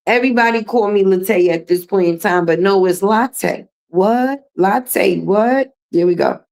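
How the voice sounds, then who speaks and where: A woman's voice: medium pitch, normal speed, a little mellow. A middle-aged woman hosting a livestream, talking in a blunt, profane, sassy way as she comments and chats with viewers. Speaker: livestream host.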